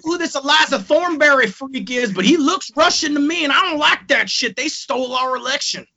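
A man's voice: very high-pitched, brisk, bright, forceful tone, pitched above the performer's own voice, exaggerated voice. A man putting on a Texan accent to play a rowdy adult wrestling fan who hollers chants and jeers. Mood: belligerent. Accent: put-on Texan. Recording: dull lo-fi podcast audio.

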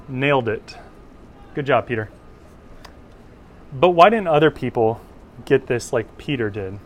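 A man's voice: medium pitch, normal speed, pauses often. A man teaching a Bible class in an informal lecture, talking conversationally and often checking in with "right?".

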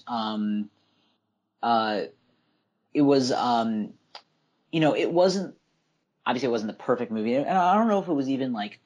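A man in a casual podcast chat, talking haltingly with many fillers as he works out his thoughts. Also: mid-range voice. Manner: halting, heavy fillers and restarts. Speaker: podcast co-host.

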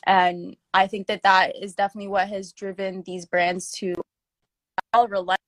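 A woman's voice: medium pitch, moderate pace, no room sound. Young woman chatting with lots of fillers. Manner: filler-heavy, animated, slangy. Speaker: interviewee. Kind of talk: casual chat.

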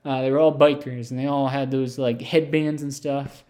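A man telling an absurd comic story in a rambling, deadpan way, full of asides and fillers. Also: mid-range voice, moderate pace. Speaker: comedic storyteller. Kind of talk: improvised comic monologue.

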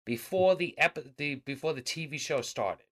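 A man co-hosting a podcast in casual chat, animated and swearing freely. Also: on the high side, moderate pace. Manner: profane and animated. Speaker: podcast co-host.

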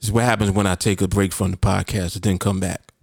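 A podcast host and trading coach speaks in a deep, level, fast voice that's creaky and a little mellow, recorded at studio quality with no echo. His casual motivational talk coaches listeners in an emphatic, repetitive way.

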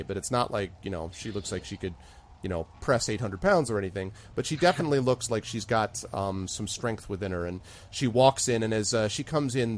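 A man's voice: lowish voice, slight background noise. Hesitant male game master. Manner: hesitant, many fillers. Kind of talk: narrating a tabletop game.

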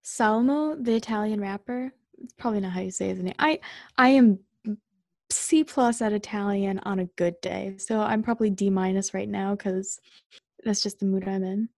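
A woman's voice: mid-range voice, normal speed, creaky, a little mellow, no room sound, clean studio sound. A woman in her twenties co-hosting a podcast in casual chat, talkative and self-deprecating, recorded at home. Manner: chatty, self-deprecating, giggly. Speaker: podcast co-host. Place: home room, fan running.

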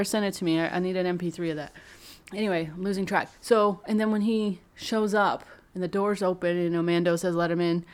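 A woman giving a casual, excited fan review, rambling and emotional as she talks. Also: on the low side.

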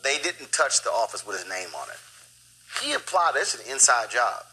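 Emphatic male talk show host, bright voice. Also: mid-range voice, big pitch swings, moderate pace, rough recording. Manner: emphatic, exclamatory questions. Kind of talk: news talk show interview.

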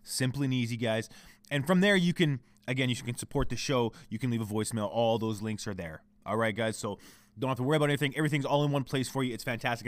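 A man's voice: medium pitch, no room sound. A man hosting his own podcast alone, talking casually and rambling with a lot of swearing. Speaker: podcast host. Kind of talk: solo podcast monologue. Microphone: home recording setup.

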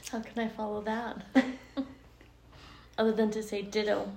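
Older female guest, gravelly, hesitant, echoey room. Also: mid-range voice, flat delivery, measured pace, a little mellow, slight background noise. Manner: thoughtful, hesitant with many ums. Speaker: podcast guest. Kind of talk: casual interview chat.

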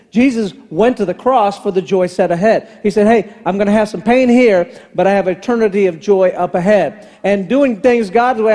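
A man's voice: high voice, warm tone. A man in his fifties preaching a sermon as pastor, telling a family story and acting out the dialogue. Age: 50s. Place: large church hall. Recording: long hall reverb from the sanctuary.

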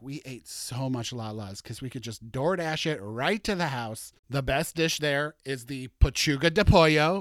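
Podcast host, middle-aged man, animated and campy, slightly higher voice, dry close mic. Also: dry recording. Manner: chatty, campy and animated, with laughs and mock outrage. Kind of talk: casual solo podcast chat.

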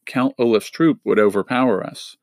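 A man's voice: mid-range voice, normal speed, a little mellow, no room sound, lightly acted. Girl read: a man voicing a practical young inventor, earnest and worried, dry close sound.

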